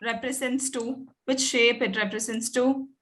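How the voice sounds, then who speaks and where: A woman's voice: fairly high pitch, fairly even intonation, measured pace, a bit bright, soft background music. A woman teacher, patiently coaxing pupils in an online class, with many fillers and "okay"s.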